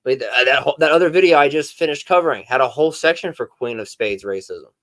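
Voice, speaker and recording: A man's voice: a little high, fast, a bit bright. A man streamer giving reaction commentary, explaining to chat with dry, sarcastic asides.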